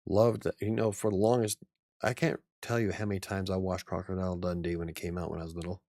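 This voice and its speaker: Male host in his forties, very low gravelly voice, loose rambling chat with a dry, close sound. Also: level tone, fast, darkish tone, no echo. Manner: rambling, chuckles often. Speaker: channel host. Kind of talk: casual live-stream chat.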